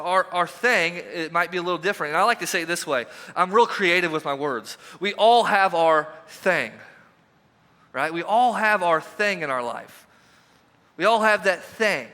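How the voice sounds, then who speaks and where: A pastor giving a conversational, emphatic sermon, asking the congregation repeated questions, recorded in a church sanctuary. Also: male voice, sits high, sharp tone. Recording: reverberant church hall.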